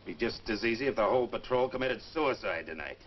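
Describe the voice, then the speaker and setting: An actor playing a gloomy cavalry trooper who talks in a sardonic, dry way, in 1950s western film acting with a dull old film soundtrack. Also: male voice, mid-range voice, animated, fast, heavy background noise, natural voice.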